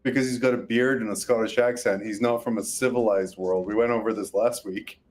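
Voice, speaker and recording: A man co-hosting a podcast in casual banter, tossing out jokey deadpan wisecracks. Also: on the low side, fairly quick. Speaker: podcast co-host.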